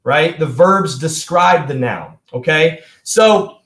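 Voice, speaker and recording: A young man giving an energetic, emphatic motivational talk as a coach, speaking straight to his viewers. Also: fairly high pitch, slow, reverberant.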